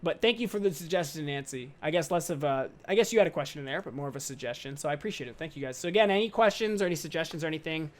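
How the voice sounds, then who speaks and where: A young man in his twenties hosting a casual podcast, rambling in loose slang with casual swearing and an upbeat, excitable manner. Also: fairly high pitch, rapid-fire, hardly any pauses. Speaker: podcast host.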